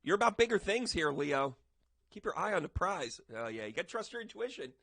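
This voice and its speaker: A man's voice: high voice, very animated, fairly quick, gravelly, a bit bright, dry recording. A man, a medium, chatting casually and animatedly as he gives a tarot reading to his viewers, with jokey asides. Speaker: psychic medium and tarot reader.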